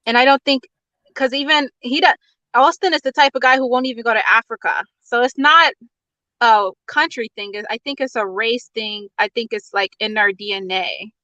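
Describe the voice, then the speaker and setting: A woman's voice: fairly high pitch, moderate pace, bright, forceful tone, no echo, lo-fi sound. An out-of-breath woman giving blunt opinions in a casual chat, talking over the other speaker. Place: in her car on a work break.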